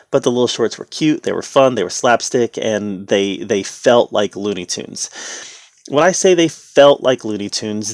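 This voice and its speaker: A man with a low, gravelly voice talks through a review in an easy, conversational way, slipping in the occasional sarcastic aside. The sound is dry and close, with little room around it. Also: no room sound. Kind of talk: casual spoken review.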